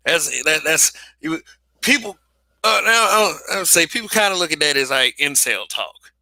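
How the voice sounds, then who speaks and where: A young man hosts his own livestream and talks straight to the camera in an unpolished, profane way, often doubling back on his words. His voice is strikingly bright and cutting, sitting a little high. The sound is dry and close, with no room echo. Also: animated, normal speed. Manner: blunt and profane, with frequent restarts and repeated phrases. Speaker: livestream host. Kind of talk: casual livestream commentary.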